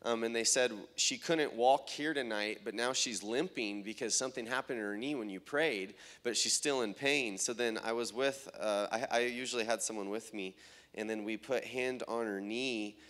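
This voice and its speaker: A young man, a minister, telling testimony stories from healing meetings, halting with fillers and growing excited as he retells what people said. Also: medium pitch. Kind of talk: testimony storytelling.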